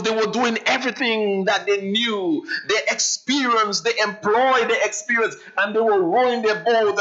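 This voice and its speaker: A male pastor preaching a sermon dramatically, swinging from raised passages to hushed ones. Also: high-pitched. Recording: dull lo-fi church livestream.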